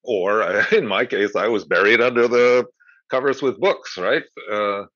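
A man's voice: lowish voice, measured pace, fairly bright tone, no echo. An older man, a movement educator, explaining thoughtfully in a conversational interview with rambling asides. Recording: dull lo-fi dry remote audio.

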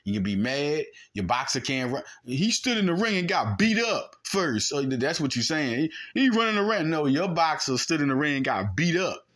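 A man's voice: on the high side, very animated, normal speed, hardly any pauses, a bit bright. A man hosting a podcast, talking in a heated, argumentative sports monologue and mimicking punches with sound effects. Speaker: podcast host. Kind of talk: animated sports commentary monologue.

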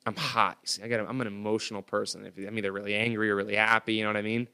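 A man's voice: lowish voice, level tone, very fast, pushed and bright, clear, resonant tone. A man telling a story in casual chat, emphatic and streetwise, with plenty of slang and swearing.

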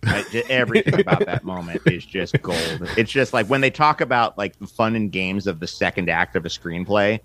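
A man co-hosting a podcast, talking casually and enthusiastically about a film, with animated bursts. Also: deep voice, moderate pace, hardly any pauses. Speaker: podcast co-host.

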